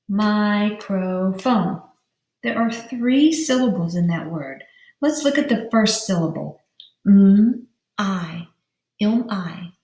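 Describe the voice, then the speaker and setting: This teacher's voice sits a little high with a darkish tone, and the recording is reverberant. Speaking to small children about vocabulary, she lengthens words and spells them out letter by letter, slowly.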